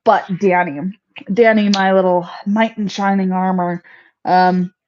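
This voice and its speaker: A woman's voice: mid-range voice, steady tone, unhurried, darkish tone. A woman hosting a casual homestead livestream, chatty and laughing at her own mishaps. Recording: slightly dull lo-fi audio.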